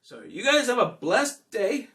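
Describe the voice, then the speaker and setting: A man's voice: extremely high pitch, unhurried, creaky, far from the mic. A man who sings and plays guitar, chatting casually and rambling a little between songs. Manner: relaxed, rambling, homespun. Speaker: singer and guitarist. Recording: guitar playing behind.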